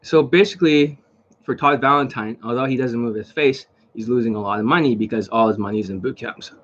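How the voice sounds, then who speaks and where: A dating coach speaks briskly to camera in a casual home video with lo-fi sound, his medium-pitched voice a bit bright. He lectures bluntly and repetitively, cursing under his breath.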